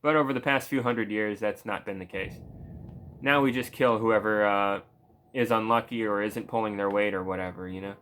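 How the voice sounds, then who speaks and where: A man's voice: on the low side, fairly even intonation, moderate pace, a bit bright, a little hiss or hum. A man casually commenting over gameplay, rambling and swearing and laughing at his own jokes. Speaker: gameplay streamer.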